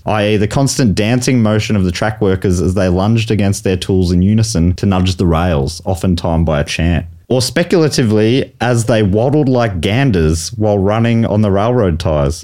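An Australian man hosting a comedy game show podcast, reading quiz questions aloud and throwing in quick teasing asides. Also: on the low side, a little mellow.

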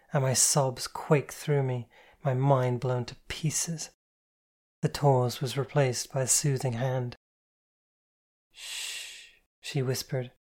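A reader giving a soft-spoken, even, first-person narration of a novel. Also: mid-range voice. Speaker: audiobook reader.

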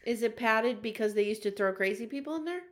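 A woman co-hosting a podcast in casual chat, easygoing and quick to laugh. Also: a little high. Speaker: podcast co-host.

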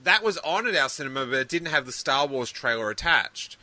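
A man co-hosting a podcast, telling rambling, animated stories in casual chat with many restarts. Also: mid-range voice, a little fast, no room sound. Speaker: podcast co-host.

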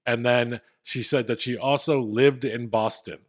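A man's voice: medium pitch, steady tone, measured pace. Man, podcast co-host, casual storytelling, filler words. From Philadelphia area.

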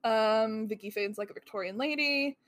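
A woman's voice: fairly high pitch, normal speed, fairly bright tone. Wry woman reading out her notes. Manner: reads out her own notes, wry and amused. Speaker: podcast co-host. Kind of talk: casual chat.

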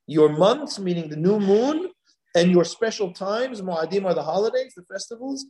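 A man giving a Torah lecture as a rabbi, animated and leaping higher when he voices God's words. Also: moderate pace. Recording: echoey room.

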